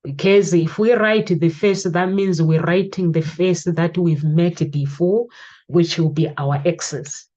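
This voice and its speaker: Chatty woman host, dark mellow voice. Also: lowish voice, steady tone, takes it slowly, dull audio. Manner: chatty, storytelling, asks guest questions. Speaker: talk show host. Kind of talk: casual advice chat.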